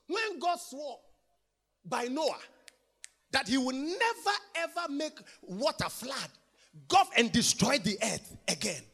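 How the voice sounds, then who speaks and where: A man preaching a sermon, emphatic and repetitive, swinging between loud declarations and quiet, intimate lines. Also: very high voice, very animated, slow, vocal fry. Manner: emphatic, repeats phrases, swings from loud to soft.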